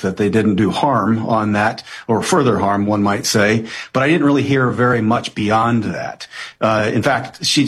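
Male guest analyst, husky voice, measured and analytical delivery. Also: mid-range voice. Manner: measured, analytical, frequent uh fillers. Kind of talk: interview answers.

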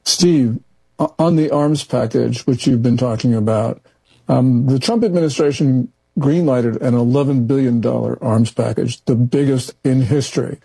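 A man asking probing interview questions in a steady questioning manner. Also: medium pitch, moderate pace, gravelly, husky, no echo, rough recording.

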